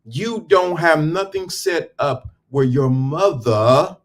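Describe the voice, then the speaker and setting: Emphatic preachy man on a livestream. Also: fairly high pitch. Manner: preachy, emphatic, addresses viewers directly; talks while dressing, halting restarts. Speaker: livestream host. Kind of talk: casual motivational livestream talk. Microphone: phone or camera on a stand.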